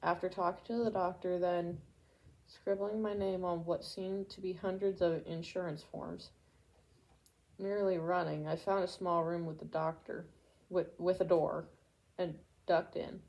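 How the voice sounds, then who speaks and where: A woman with a low, gravelly voice reads a book aloud. Her tone is dark and mellow. She keeps a steady pace, stumbling now and then and starting a word over. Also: measured pace, muffled recording. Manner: steady reading with occasional stumbles and restarts. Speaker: audiobook reader. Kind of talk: amateur book reading aloud.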